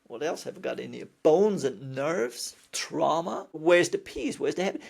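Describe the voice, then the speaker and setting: A man speaking as a spiritual teacher in a calm, reassuring motivational talk with playful emphasis. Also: a little high, moderate pace, vocal fry.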